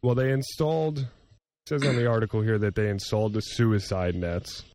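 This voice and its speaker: A man hosting a casual podcast, relaxed and jokey, laughing often. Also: lowish voice, a little fast, no echo. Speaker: podcast host. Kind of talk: casual chat.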